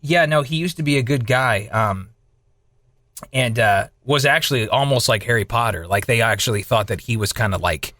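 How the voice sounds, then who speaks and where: Bright-voiced laid-back podcast guy. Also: medium pitch, moderate pace, no room sound, studio quality. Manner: laid-back, agreeable, lots of "dude" and "like". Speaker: podcast co-host. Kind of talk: casual chat.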